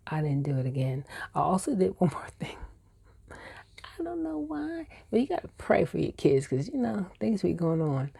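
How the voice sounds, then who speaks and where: A woman in her forties with a low, gravelly, husky voice, chatting to camera about her childhood. She wanders and corrects herself as she remembers. Her tone is dark and mellow, and the room sound is dry and close. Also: no echo. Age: 40s. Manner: meandering, self-correcting, reminiscing. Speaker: vlogger. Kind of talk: casual personal storytelling.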